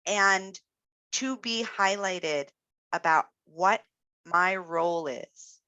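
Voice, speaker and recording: A woman's voice: lowish voice, extremely slow, pushed and bright, clean tone, no room sound. A woman speech-language pathologist giving an encouraging, reflective webinar talk, with frequent fillers. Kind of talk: webinar presentation.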